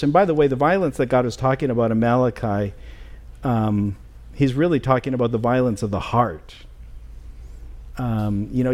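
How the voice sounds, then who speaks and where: A middle-aged man preaching a sermon as pastor in a church, earnest and halting, with many fillers and restarts. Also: medium pitch, a little mellow. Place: church sanctuary.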